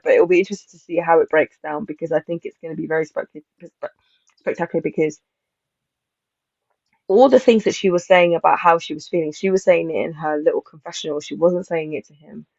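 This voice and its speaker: Brief: woman panel host, casual review chat, rambling and animated, gravelly, lo-fi mic. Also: deep voice, fairly quick, no echo. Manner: animated, rambling, laughs while acting out quotes. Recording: slightly dull lo-fi mic.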